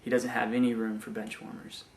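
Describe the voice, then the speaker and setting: A young man giving a personal faith testimony, speaking haltingly with many restarts and repeated words. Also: medium pitch, completely flat delivery, echoey room. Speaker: former missionary giving testimony.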